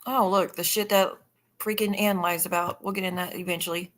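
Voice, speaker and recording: A woman chatting on a casual live stream with a bright, forceful voice. She talks bluntly and swears freely, reacting to messages and greeting her viewers. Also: on the low side, fairly even intonation, a little fast. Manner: blunt and profane, chatting with viewers while scrolling. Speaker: livestreamer.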